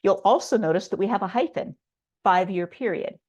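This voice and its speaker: A woman's voice: medium pitch, fairly quick, darkish tone, lo-fi sound. A middle-aged woman teaching a writing lesson online, explaining step by step in a patient way with a few fillers. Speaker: writing instructor.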